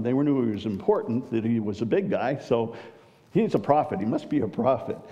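Mellow-voiced man preaching in a hall. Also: mid-range voice. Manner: asks listeners rhetorical questions. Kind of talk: Bible teaching sermon. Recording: dull recording with long hall reverb.

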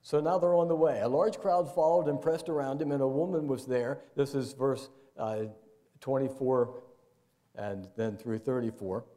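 This older pastor speaks at a normal speed with a mellow voice and fairly even intonation. Addressing his congregation in the church sanctuary, he keeps his sermon folksy and conversational, slipping into high, playful voices for asides.

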